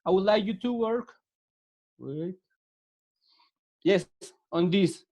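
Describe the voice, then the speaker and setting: This man from Latin America, whose English carries a Spanish accent, speaks slowly in a high, slightly mellow voice as he teaches online over a video call. He patiently repeats words and gives step-by-step instructions, and the audio sounds dull.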